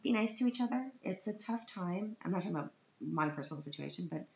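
A woman's voice: medium pitch, animated, fast, creaky. A woman, a mother, talking in a chatty, self-deprecating and joking way in a casual personal monologue. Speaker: mother giving a personal update. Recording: roomy, dull recording with faint hiss.

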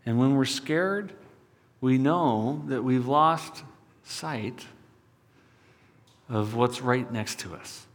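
A male pastor preaching a sermon, telling a personal story and swinging from loud appeals to hushed asides. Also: medium pitch, very slow, long pauses. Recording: long hall reverb.

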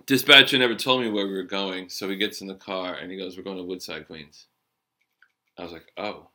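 A man's voice: low-pitched, steady tone, brisk, heavy background noise. A middle-aged man telling a loose, profane story from his cab-driving days in a casual chat. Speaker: storyteller, former cab driver.

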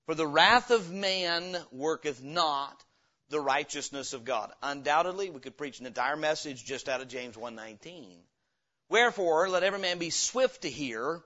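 A man preaching a sermon as pastor, reading scripture slowly and breaking into sudden loud, emphatic bursts. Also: fairly high pitch, lively intonation, dull audio.

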